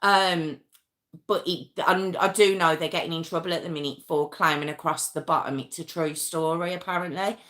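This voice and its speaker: A woman hosts a casual true crime live stream and talks right into her mic. Her voice is bright and forward, and her speech rambles, with restarts and asides to her viewers. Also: fairly low pitch, steady tone, normal speed. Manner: rambling, chatty, self-interrupting; talks straight to viewers, reacting to chat.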